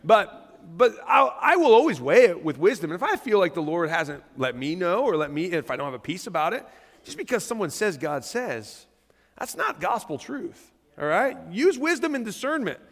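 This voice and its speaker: Male pastor, high voice, chatty animated sermon, church hall reverb. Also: moderate pace. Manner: conversational, animated, reads scripture aloud. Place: church stage.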